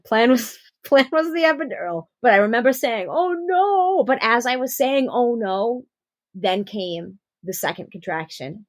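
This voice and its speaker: A young adult woman telling her personal birth story on a podcast, animated and acting out the quotes. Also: fairly high pitch, no echo. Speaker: podcast guest.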